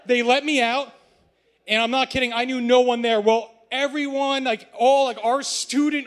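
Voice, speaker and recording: A man from the United States telling a story live to an audience, excitable and profane. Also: extremely high pitch. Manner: excitable, profane, laughing as he tells it. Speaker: storyteller on stage.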